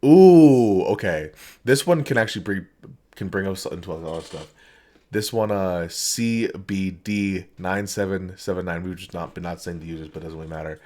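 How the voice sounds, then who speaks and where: Very deep-voiced man chatting casually. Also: moderate pace, mellow. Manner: laughs often, rambling storytelling. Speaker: podcast co-host. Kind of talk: casual chat.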